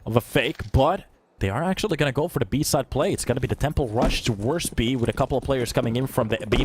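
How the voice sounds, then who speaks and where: A man giving solo play-by-play commentary on a live esports match. He chats with viewers between calls and breaks into loud, excited shouts on big plays. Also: mid-range voice, fast, few pauses. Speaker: esports caster. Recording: streamed commentary with steady background noise.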